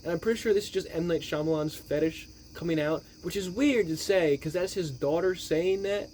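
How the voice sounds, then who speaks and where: A man's voice: fairly high pitch, brisk, darkish tone, a little hiss or hum. A man giving a rambling, exasperated movie recap, swearing heavily as he talks. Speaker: movie reviewer. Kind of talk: profane movie recap rant.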